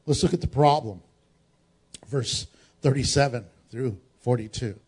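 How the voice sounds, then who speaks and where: A male pastor preaching a sermon dramatically, swinging between raised exclamations and hushed low tones and putting rhetorical questions to the congregation. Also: unhurried, slightly rough.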